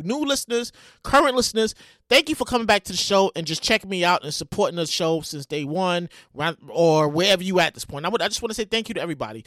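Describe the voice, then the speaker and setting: A man hosting his own podcast, talking casually in a rambling, profane, animated way. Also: high-pitched, no room sound, studio quality. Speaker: podcast host. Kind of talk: casual solo commentary.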